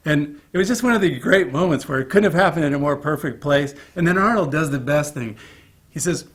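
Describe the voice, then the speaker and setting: A man in an interview, telling a behind-the-scenes story in a casual, animated way and acting out other people's lines. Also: fairly high pitch, brisk. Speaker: film crew member recalling a production.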